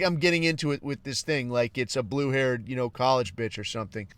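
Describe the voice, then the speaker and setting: A man's voice: medium pitch, brisk, few pauses, fairly bright tone, clear, resonant tone, no echo. A man hosting a podcast, talking in a casual, profane, rambling solo monologue that flares up into heated outbursts. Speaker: podcast host.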